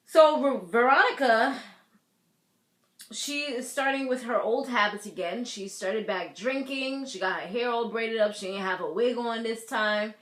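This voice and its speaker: A woman's voice: a little high, measured pace. Chatty woman recapping in an echoey room. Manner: animated, laughs often, mimics characters. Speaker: TV recap vlogger. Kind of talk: casual recap with acted-out quotes.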